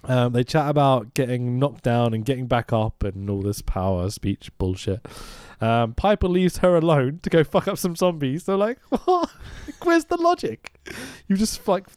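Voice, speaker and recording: Man, podcast co-host, casual film recap, sweary, laughing, animated pitch. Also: no room sound, studio quality. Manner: sweary, laughing, mimics characters in quick asides.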